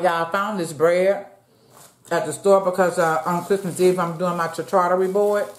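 A woman, chatting casually to her viewers during an eating show and calling them y'all. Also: lowish voice. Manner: chatty, addresses viewers as y'all, eats between lines. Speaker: mukbang vlogger. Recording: echoey room.

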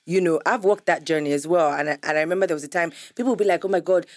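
A woman hosting a podcast, talking in a reflective, measured way and dropping softer on key points. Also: on the low side, no echo, studio quality. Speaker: podcast host. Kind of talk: casual podcast chat.

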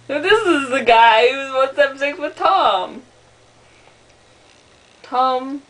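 A woman riffing on a video with absurd, deadpan asides. Her voice is high and her talk is slow and drawn out. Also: poor audio. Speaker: comic dubber. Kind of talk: improvised comic dubbing.

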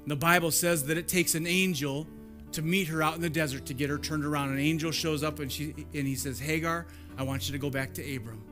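A man delivering a sermon in a church, chatting like a storyteller and repeating key lines for weight. His voice sits high and rings bright. Faint music plays behind him. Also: steady tone, fairly quick. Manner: conversational, repeats for emphasis, storytelling. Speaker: pastor.

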